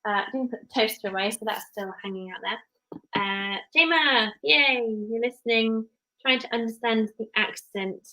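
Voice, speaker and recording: A woman's voice: on the high side, normal speed, bright, forceful tone, no room sound, low-quality recording. A woman with an English accent hosting a casual live stream, chatting in a rambling, friendly way to her viewers. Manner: chatty, rambling, talks to viewers and child at once. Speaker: live-stream host, work-from-home mum.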